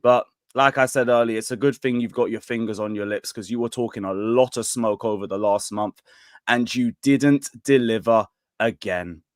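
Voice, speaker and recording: A man's voice: medium pitch, moderate pace, dry recording, studio quality. A man on a football podcast giving taunting, boastful fan banter. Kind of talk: casual chat.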